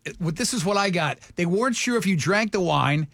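A man's voice: high-pitched, expressive, brisk, creaky, fairly bright tone, dry recording, studio quality. A man hosting a radio show, chatting casually with a guest and firing off jokey asides.

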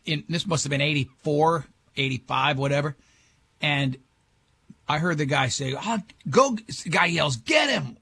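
An older man, a talk show host, telling a long story in casual chat, animated and laughing often. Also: a little high, moderate pace, creaky, breathy edge.

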